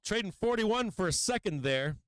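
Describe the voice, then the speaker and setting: Middle-aged man, live trading stream host, rambling and profane, smooth resonant voice, dry close mic. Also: high-pitched, animated, normal speed, no room sound. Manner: rambling, profane, breaks into gleeful taunting. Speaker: livestream stock market host.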